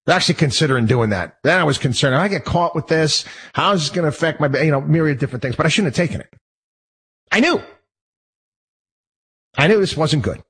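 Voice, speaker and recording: A man's voice: on the high side, lively intonation, fast talker, long pauses, fairly bright tone, slightly rough, poor audio. A man hosting his own show, talking in a heated, rambling monologue full of restarts and repeated phrases. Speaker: show host. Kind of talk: personal monologue.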